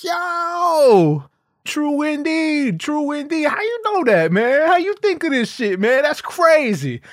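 A man voicing an excited young male audience member who talks in loud, amazed street slang. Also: extremely high pitch, takes it slowly, no room sound, studio quality, voice pushed up, heavily acted.

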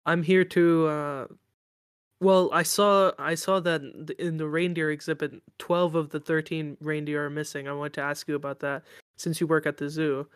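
Halting male player, a bit higher voice. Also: flat delivery, clear, resonant tone, no room sound, studio quality. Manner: hesitant, halting with many fillers. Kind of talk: in-character role-play.

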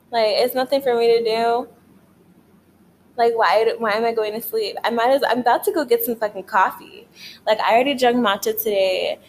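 At normal speed and a little high in pitch, a young woman vlogs late at night from her bedroom, the rough recording carrying some hiss or hum. She rambles profanely, tired but wired, with frequent "like" fillers.

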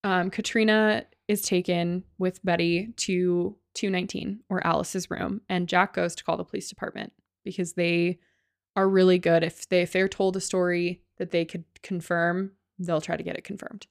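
A woman's voice: on the low side, little pitch movement, moderate pace, vocal fry, no room sound. A woman co-hosting a podcast, casually retelling a ghost-hunting show with lots of "like" and the odd curse, on a close mic. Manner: loose, sweary storytelling with many likes. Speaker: podcast co-host.

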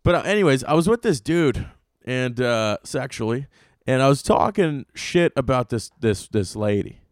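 A man's voice: medium pitch, expressive, normal speed, dry recording, studio quality. A young adult man hosting a podcast, ranting comically in a profane, rambling way. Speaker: podcast host. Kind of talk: comedic solo rant.

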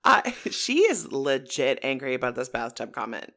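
A woman's voice: extremely low pitch, big pitch swings, normal speed, gravelly, a bit bright. A woman from Canada co-hosting a podcast, talking bluntly in casual chat, swearing and laughing easily. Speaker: podcast co-host.

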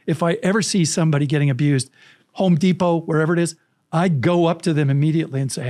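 A middle-aged man telling anecdotes as a podcast guest, lively, acting out quoted lines and laughing often. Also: fairly high pitch, quick pace. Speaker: storytelling coach, podcast guest. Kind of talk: animated anecdotal storytelling.

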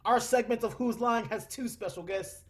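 A man's voice: extremely high pitch, moderate pace, voice pushed up. A man voicing the ghost of a boisterous male Australian wildlife host as a debate moderator, with a shaky attempted Australian accent and showy game-show patter. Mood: hammy. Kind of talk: comedic impression.

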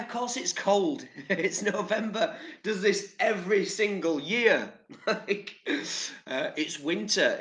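A man's voice: on the high side, fairly bright tone, reverberant. An English man giving casual motivational talk to camera, chatty and rambling, with casual swearing. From England. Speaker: vlogger.

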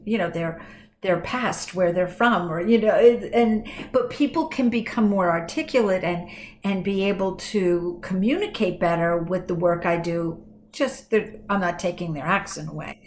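A woman who coaches people on voice and communication talks casually on a podcast, telling lively stories about her clients. Her voice is medium-pitched.

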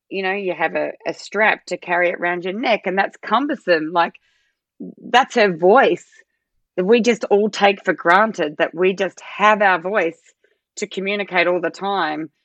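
A woman, a podcast guest, chatting casually and telling animated stories, jumping into a much higher voice when she quotes herself. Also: a little slow, no room sound, muffled recording. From Australia. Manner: animated storytelling, acts out her own quoted lines in a much higher voice. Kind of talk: casual interview chat.

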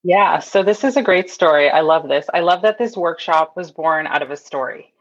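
A woman in her thirties from Toronto, with a fairly low voice, tells a story as a guest in a relaxed interview. She is animated and acts out the people she quotes, and her speech is loose and full of restarts. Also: moderate pace, lo-fi sound. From Toronto, Canada. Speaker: guest, nurse.

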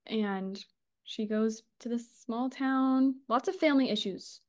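A woman's voice: on the high side, unhurried. A woman co-hosting a casual book podcast, gushing and chatty, swearing and laughing as she talks. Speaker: podcast co-host.

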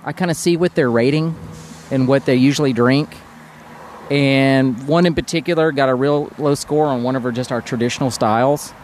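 A man's voice: mid-range voice, normal speed, a little mellow, slight background noise. A man speaking as a brewery guest in a casual podcast conversation, easygoing and hesitant, with many fillers.

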